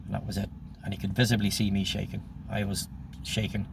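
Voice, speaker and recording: A man's voice: on the low side, monotone, fairly quick, creaky, noisy background. A man in his sixties telling a story from his past, blunt and profane, often breaking off and restarting. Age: 60s. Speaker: storyteller recounting his life. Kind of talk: personal storytelling monologue.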